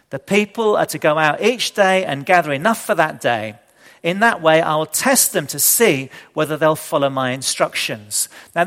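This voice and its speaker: A man's voice: on the high side, fairly bright tone. A man preaching a sermon in a conversational way, asking the congregation questions. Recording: long hall reverb.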